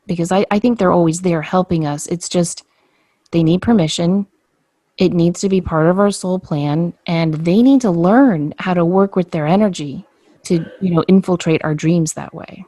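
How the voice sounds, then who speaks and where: Animated storytelling woman, low and dry. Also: normal speed, no echo. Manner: animated storyteller, acts out quoted dialogue. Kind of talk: casual podcast conversation.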